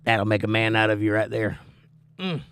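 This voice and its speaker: This man's voice sits on the low side, steady and fairly bright, at normal speed with a clean tone. Hosting a livestream, he reads viewers' chat aloud and replies with wry teasing, all casual talk. He's breathless and coughing while getting over the flu.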